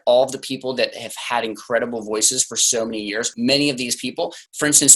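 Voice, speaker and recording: A young man talks as a guest in a relaxed interview. His voice is bright and forward, pitched in an ordinary male middle range. His delivery is loose and chatty, full of "like" fillers. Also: poor audio. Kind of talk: casual interview talk.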